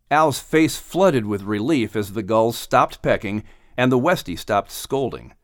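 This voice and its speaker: A man narrating an audiobook with expressive storytelling. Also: medium pitch, unhurried, no echo, studio quality.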